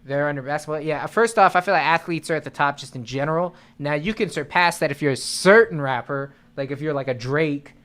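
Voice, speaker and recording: A man's voice: fairly high pitch, fairly quick, few pauses, a bit bright. A young man co-hosting a casual livestream music review, joking loosely with heavy slang.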